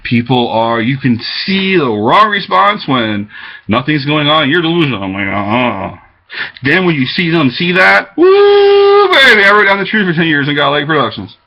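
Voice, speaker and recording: A man with a slightly high voice talks at a moderate pace, sounding animated as he delivers an agitated, rambling monologue to his webcam and hops from one topic to the next. It's captured on the webcam's microphone, giving dull, lo-fi audio.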